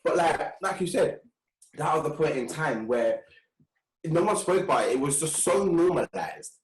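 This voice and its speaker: A young man co-hosting a podcast, relaxed and slangy, laughing easily in casual chat. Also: a little high, moderate pace. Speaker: podcast co-host. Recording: roomy echo.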